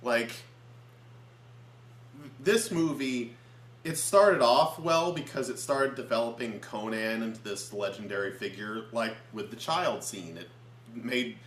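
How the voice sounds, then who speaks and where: A man's voice: medium pitch, a little slow, a bit bright. A man co-reviewing a film in casual chat at home, earnestly explaining his points at length. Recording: echoey room with faint hum.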